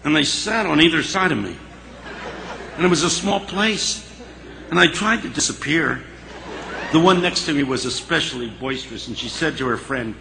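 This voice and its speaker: A man telling a story in a sermon, animated and dramatic, dropping into a hush at the tense moments. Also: fairly high pitch, moderate pace, creaky, long pauses, a little hiss or hum, rough recording. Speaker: speaker.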